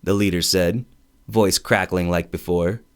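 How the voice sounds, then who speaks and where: A man narrating a first-person audiobook story in an expressive, wry storytelling manner. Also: sits low, unhurried, smooth.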